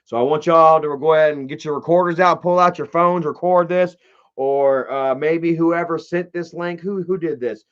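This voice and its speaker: A man's voice: fairly high pitch, steady tone, normal speed, clear, resonant tone, muffled recording. A man hosting a livestream, rambling with many fillers and making sarcastic, profane remarks. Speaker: livestream host. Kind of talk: casual live-stream commentary.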